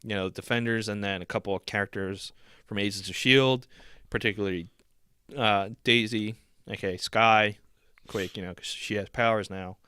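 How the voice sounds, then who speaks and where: A man's voice: on the low side, normal speed, clear, resonant tone, no room sound. A man co-hosting a podcast, chatting casually with lots of fillers. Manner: relaxed, filler-heavy. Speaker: podcast co-host. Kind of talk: casual chat.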